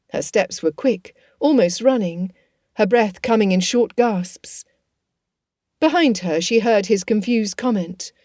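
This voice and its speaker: Mellow-voiced woman narrating a novel. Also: mid-range voice, dry recording, studio quality. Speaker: audiobook narrator. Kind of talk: scripted narration.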